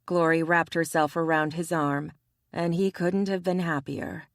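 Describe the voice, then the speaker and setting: A woman narrating a romance audiobook in a measured, even read on a close mic. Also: low-pitched, dry recording.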